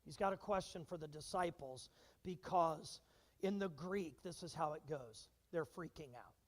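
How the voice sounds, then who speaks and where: A high-pitched man preaching to his church, his voice carrying a long reverb through the sanctuary. He is animated, tossing questions to the congregation and acting out what people say. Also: normal speed. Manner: animated, asks the congregation questions and acts out quotes. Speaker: pastor. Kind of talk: sermon.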